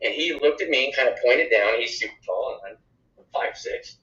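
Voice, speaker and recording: A man tells a story as a podcast guest, his bright, forceful voice bouncing around a roomy space. The recording is dull and lo-fi, and he talks in a lively way with exclamations. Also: mid-range voice, moderate pace. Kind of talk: conversational storytelling. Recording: echoey room, dull lo-fi sound.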